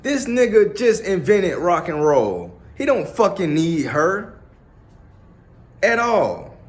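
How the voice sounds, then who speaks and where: Blunt, profane man talking slowly. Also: high-pitched, very animated. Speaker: commentator. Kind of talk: casual opinionated monologue.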